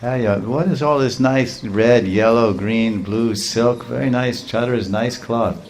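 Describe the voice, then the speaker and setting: A man's voice: mid-range voice, a little slow, darkish tone, slight background noise, natural voice. A man voicing a playful, confident young cowherd boy who speaks casually and teasingly, in a storytelling sermon.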